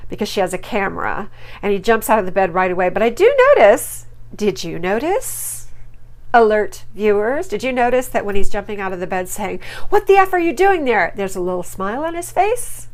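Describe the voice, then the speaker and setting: A woman hosting a casual TV recap podcast, chatting and gossiping with lots of ums, and jumping high on her punchlines. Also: a little fast. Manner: animated, with sudden high jumps on punchlines. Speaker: podcast host.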